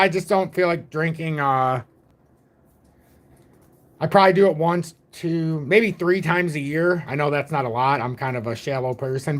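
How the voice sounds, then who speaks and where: This crypto channel host, a man in his forties, keeps his livestream casual, wandering off on tangents and poking fun at himself. His slightly high voice has a somewhat bright quality.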